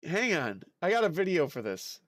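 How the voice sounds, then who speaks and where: A man's voice: a little high, big pitch swings, normal speed, a bit bright, dry recording. A male streamer chatting casually and playfully with his live chat while he works at his desk.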